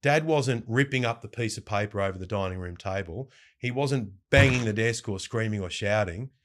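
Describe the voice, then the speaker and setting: Middle-aged Australian man, low voice. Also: moderate pace. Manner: lively anecdotes, mimics quoted voices. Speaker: breakfast radio host, guest. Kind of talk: casual storytelling interview.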